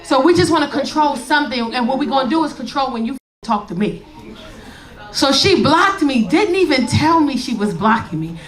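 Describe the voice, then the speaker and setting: High-voiced, animated woman comic. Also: fairly quick, few pauses, low-quality recording. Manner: animated, profane, bursts of loud shouting. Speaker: stand-up comedian. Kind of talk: stand-up set. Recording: live club with audience laughter.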